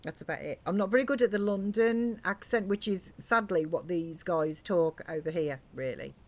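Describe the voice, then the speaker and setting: A woman chatting casually and softly on a gaming live stream, rambling with many fillers. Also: fairly low pitch, normal speed.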